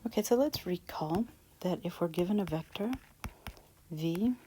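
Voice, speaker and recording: Soft-spoken low-voiced woman teaching math. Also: moderate pace, a little hiss or hum, low-quality recording. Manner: soft, half-whispered explaining while writing. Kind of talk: recorded math lecture.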